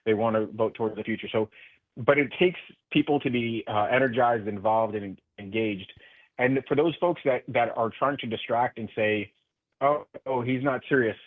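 A man's voice: medium pitch, normal speed, dry recording. A man speaking as a guest in a radio interview by phone, passionate and earnest, with many restarts. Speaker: political guest. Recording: tinny phone line.

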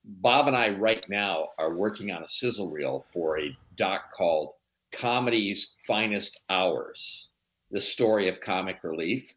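A man from Chicago, a documentary producer and guest, telling stories in a relaxed, rambling way. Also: deep voice, a little slow. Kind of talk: casual interview storytelling.

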